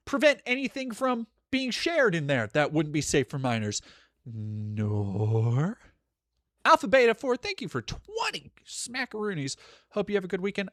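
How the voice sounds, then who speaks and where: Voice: medium pitch, dry recording, clean studio sound. A streamer talking casually to chat while reacting to videos, swearing freely and thanking donors. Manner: profane, animated, chatty. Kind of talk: casual live-stream commentary.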